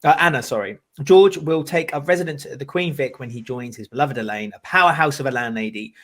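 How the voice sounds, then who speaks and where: A man's voice: medium pitch, fairly quick, a bit bright. A British man co-hosting a podcast, telling self-mocking stories with frequent laughs. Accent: British English. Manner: giggly, self-mocking storyteller. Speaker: podcast co-host. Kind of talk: casual chat.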